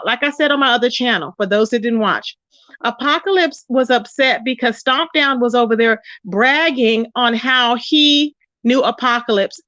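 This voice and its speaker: A chatty woman hosts a gossip livestream, greeting viewers warmly by name. Her voice sits a little high, close to the mic in a dry space. The stream audio is dull and lo-fi. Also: dry recording. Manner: chatty, greets viewers by name, calls them child and baby. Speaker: livestream commentary host. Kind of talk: casual livestream gossip chat.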